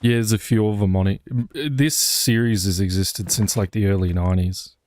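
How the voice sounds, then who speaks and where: A man's voice: lowish voice, normal speed, darkish tone, a little hiss or hum. A man giving casual, rambling commentary while he plays a video game. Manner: rambling, wry, chatty. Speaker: gaming streamer.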